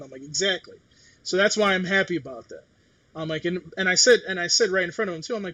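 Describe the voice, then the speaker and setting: A middle-aged man chats casually in a husky, somewhat high voice. He talks bluntly, swears freely and plays out the other people in his story. His tone stays rough and breathy throughout. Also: quick pace, bright, forceful tone, no room sound. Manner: blunt, swears, acts out quotes. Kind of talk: casual chat.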